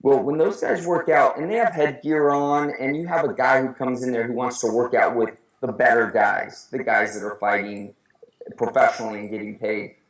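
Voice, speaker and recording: A man's voice: mid-range voice, steady tone. A man talking earnestly as an interview guest, often restarting his sentences. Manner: earnest, halting with many restarts. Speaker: guest speaker. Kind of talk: casual interview talk. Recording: roomy echo.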